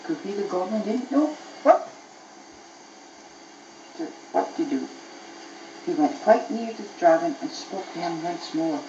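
A woman's voice: on the low side, lively intonation, measured pace, pauses often, dark tone, echoey room, highs cut off, slight background noise. A mother reading a bedtime story to her child aloud, telling it expressively, recorded on an old cassette tape.

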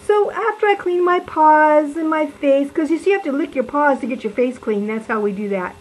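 A woman's voice: high voice, moderate pace, close to an everyday voice, poor audio. A woman voicing a playful, chatty lion who preaches a children's sermon in a sing-song, exaggerated way.

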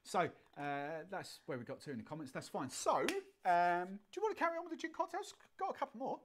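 A woman's voice: on the low side, very animated, a little fast, a little hiss or hum. A woman hosting a live cocktail show, chatting and joking easily and laughing often. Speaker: host and cocktail instructor. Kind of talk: casual live-stream chat.

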